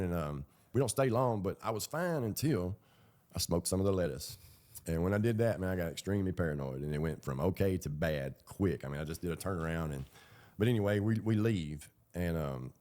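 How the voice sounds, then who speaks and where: A man with a deep, darkish voice tells his own story in a loose, colloquial way. It's casual storytelling that rambles, punctuated by fillers and laughs.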